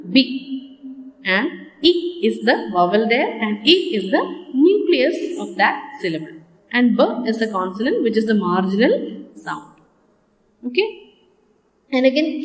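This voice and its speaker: A woman teaching a lesson, patiently repeating example words slowly and checking with "okay?" as she goes. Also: fairly high pitch. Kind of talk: classroom lecture on phonetics. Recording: echoey room with long reverb.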